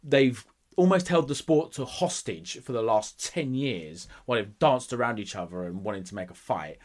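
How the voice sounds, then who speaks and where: A man's voice: mid-range voice, animated, normal speed, darkish tone. A man co-hosting a casual boxing podcast, opinionated and swearing freely as he rants. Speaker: podcast co-host.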